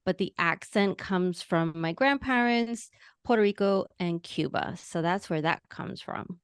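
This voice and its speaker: A woman's voice: on the low side, measured pace, smooth, no echo, clean studio sound. A middle-aged woman from Queens, New York, with a New York accent with a mild Latina lilt, speaking as a bubbly, effusive interview guest. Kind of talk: casual interview.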